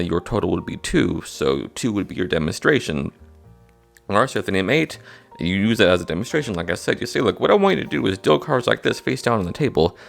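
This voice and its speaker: Male card-magic teacher, casual and gravelly, keeps checking in with the viewer. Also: on the low side, fairly bright tone. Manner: casual, repeats "all right?" to check in. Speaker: magic instructor. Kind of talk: card trick tutorial.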